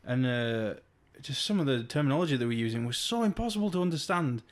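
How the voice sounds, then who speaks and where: A man's voice: medium pitch, animated, quick pace. A young man with a Yorkshire accent, co-hosting a podcast and telling stories in a laid-back, jokey way. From Yorkshire, England. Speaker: podcast co-host. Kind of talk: casual chat.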